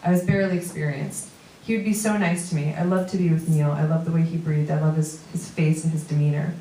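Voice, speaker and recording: Woman, New York accent, low voice, reads her own prose on stage with wry asides; roomy live recording from a distance. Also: steady tone, quick pace, dark tone. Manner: reads steadily, with dry asides to the audience. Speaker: comedian reading a memoir piece. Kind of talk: live reading of personal prose. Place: small theater stage before an audience.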